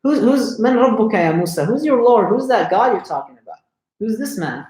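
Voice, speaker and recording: A man's voice: high voice, animated, a little fast, a little mellow, reverberant, pitched above the performer's own voice. A man doing a mocking arrogant tyrant king. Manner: scornful, mocking.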